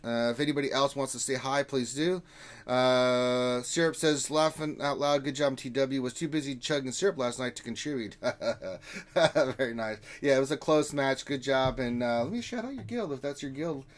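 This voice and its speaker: A man's voice: mid-range voice, moderate pace. A man hosting a casual live stream, reading viewer comments aloud with easygoing, jokey banter. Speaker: livestream host.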